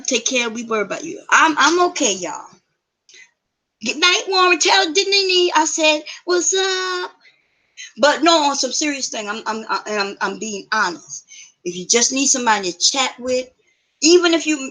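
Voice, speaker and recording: A woman's voice: a little high, bright, forceful tone, low-quality recording. A middle-aged woman hosting a live show, chatting casually and bluntly with viewers, swearing now and then. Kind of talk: casual live-stream chat.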